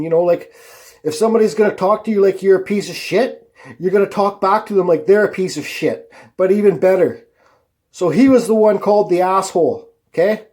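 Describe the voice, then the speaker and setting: A woodcarving channel host with a high-pitched, warm voice talks casually to the camera. He's blunt and rambling, and he swears freely.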